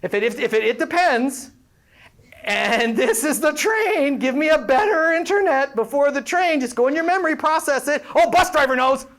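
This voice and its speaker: Energetic woman workshop presenter with a high voice, playful, quizzes the crowd. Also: moderate pace. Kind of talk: interactive workshop talk to a live audience. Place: live event before an audience.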